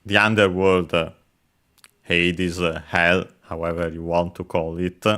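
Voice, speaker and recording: A man's voice: low-pitched, flat delivery, measured pace, bright, forceful tone. A man explaining Japanese vocabulary while playing a game, methodical and hesitant, with many filler sounds. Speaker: language teacher.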